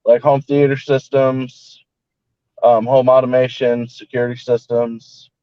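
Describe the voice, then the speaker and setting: A man's voice: medium pitch, level tone, unhurried, warm tone, clear, resonant tone, dry recording. Hesitant man on a dry, muffled call. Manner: hesitant, fills with "like" and "uh". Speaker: panel guest. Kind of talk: casual panel chat.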